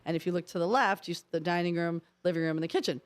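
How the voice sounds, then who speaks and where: A woman's voice: lowish voice, racing. Middle-aged woman co-hosting radio chat. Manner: storytelling, laughing often. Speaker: radio co-host. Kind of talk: casual on-air chat.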